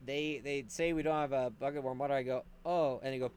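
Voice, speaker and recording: A man telling a story in casual podcast chat, animated and profane, acting out the people in it. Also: medium pitch, fast, few pauses, clear, resonant tone. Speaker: podcast host.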